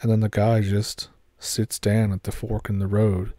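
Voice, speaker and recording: Low, mellow man narrating a horror story. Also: flat delivery, measured pace, no room sound, studio quality.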